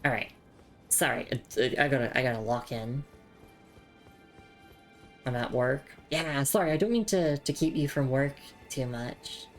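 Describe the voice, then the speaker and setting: A young Australian woman streams a game in a loose, chatty way, tripping over and repeating her words. Her Australian voice sits very low. Faint game music plays behind her. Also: measured pace, long pauses. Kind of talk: casual live game commentary.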